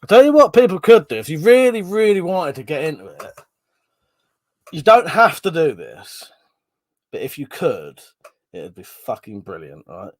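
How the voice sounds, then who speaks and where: Fairly high-pitched with big pitch swings, this livestream host speaks at normal speed, with no room sound. He reads comments in casual live chat, laughs a lot, and swears freely.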